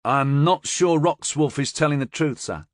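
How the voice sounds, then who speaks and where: A man's voice: on the high side, normal speed, no room sound, studio quality, pitched above the performer's own voice, natural voice. A man voicing an anxious young female lieutenant who asks urgent questions. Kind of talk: audiobook character voice.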